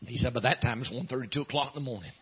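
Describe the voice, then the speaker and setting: A man preaching a sermon in a folksy drawl, filling pauses with "uh", swinging from loud preaching to hushed storytelling. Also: mid-range voice, slightly rough. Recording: dull lo-fi sound.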